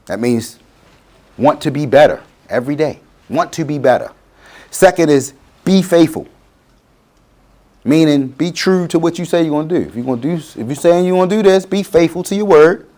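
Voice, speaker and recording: A man's voice: fairly high pitch, normal speed, a little mellow. A middle-aged man, giving a motivational talk to students and acting out quotes in changing voices. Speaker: guest speaker.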